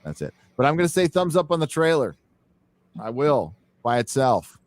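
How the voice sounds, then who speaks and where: A man's voice: medium pitch, sing-song, normal speed, a little mellow, no room sound. An American man hosting a live-stream chat, talking in a blunt, rambling way with casual swearing. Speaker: host.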